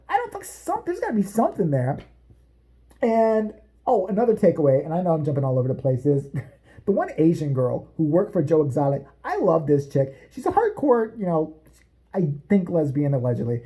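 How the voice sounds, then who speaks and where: Woman vlogger, swearing sarcastic rant, swooping animated pitch, mellow tone. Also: fairly quick. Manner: foul-mouthed, animated, sarcastic, jumps between topics. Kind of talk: profane comedic rant.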